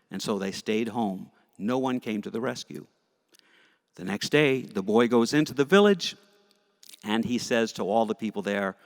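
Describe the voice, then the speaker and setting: A man teaching Sunday school, telling a story to children in a playful, animated, jokey way, in a church with long reverb. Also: mid-range voice, normal speed. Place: church sanctuary.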